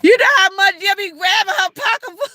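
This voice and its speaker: A woman's voice: very high voice, brisk, bright, forceful tone. An older woman with a Southern Georgia accent, hosting a casual livestream and talking straight to her viewers in a folksy way. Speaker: livestream host.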